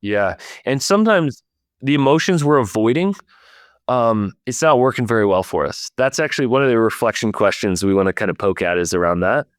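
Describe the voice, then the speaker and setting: A man's voice: medium pitch, animated, brisk, no echo, clean studio sound. A man hosting a leadership podcast, talking in an earnest, reflective way and speaking straight to his listeners. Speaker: podcast host.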